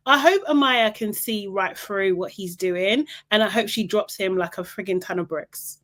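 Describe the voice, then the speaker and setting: A woman hosting a casual reality TV recap, opinionated and exasperated, her voice leaping up high when she is incredulous. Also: normal speed, few pauses.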